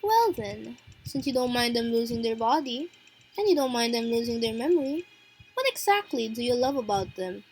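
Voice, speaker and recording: A woman's voice: fairly high pitch, big pitch swings, normal speed, a little mellow, soft background music, poor audio. A woman playing a taunting, theatrical mystery man. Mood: cold. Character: mysterious male host, mocking and theatrical.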